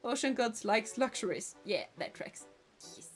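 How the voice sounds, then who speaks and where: A woman's voice: on the high side, animated, measured pace, soft background music. A woman streaming a video game, giving casual, playful commentary, often giggling and reading game text aloud. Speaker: VTuber streamer.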